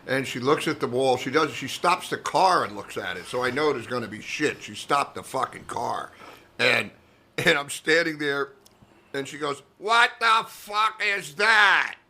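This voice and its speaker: An older comedian tells a story in relaxed chat, his voice bright and forceful. He acts out the people in his tale as he goes, keeping the telling animated. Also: mid-range voice, normal speed, vocal fry. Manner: animated anecdote teller who acts out quoted voices. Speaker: comedian guest.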